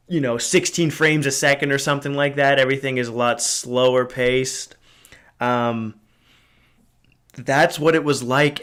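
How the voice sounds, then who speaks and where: A man's voice: medium pitch, fairly bright tone. A man in his twenties hosting a podcast, telling a story in a casual, rambling way, with frequent swearing, fillers and restarts. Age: 20s. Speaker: podcast host.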